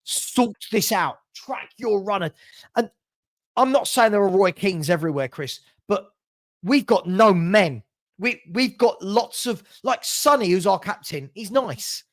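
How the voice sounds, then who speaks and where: A man with a notably high-pitched voice hosts a heated football fan chat. He rants with passion, doubles back on his words and laughs between points. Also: expressive, unhurried, fairly bright tone. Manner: passionate ranting, repeats himself, laughs often. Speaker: fan channel host.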